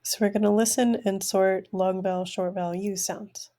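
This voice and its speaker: A woman teaching an online language class, pronouncing each word slowly and repeating it for learners. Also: mid-range voice, level tone, warm tone. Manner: slow, careful word-by-word pronunciation, repeating each word.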